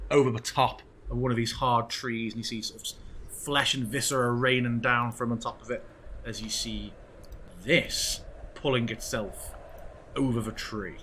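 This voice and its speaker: A man runs a tabletop game as game master. He paints the scene with slow, vivid description. His voice is bright and forceful over faint background noise. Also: mid-range voice.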